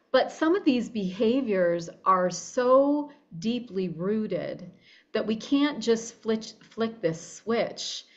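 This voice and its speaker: A woman's voice: medium pitch, a little mellow, highs cut off. A woman coach talking animatedly in an interview, acting out her own inner voice and often restarting sentences. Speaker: guest, body-image coach. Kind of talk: conversational interview.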